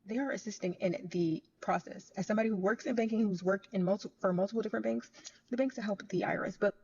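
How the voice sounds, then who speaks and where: A woman's voice: medium pitch, fast talker, darkish tone, breathy edge. A woman who works in banking, telling a story to camera in a chatty way that repeats points for emphasis. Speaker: bank worker. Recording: dull lo-fi audio.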